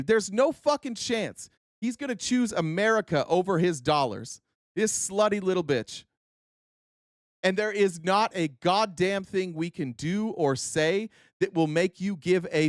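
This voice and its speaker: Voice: medium pitch, no echo, studio quality. A political commentary host who reads news excerpts aloud and breaks into profane, sarcastic, heated rants.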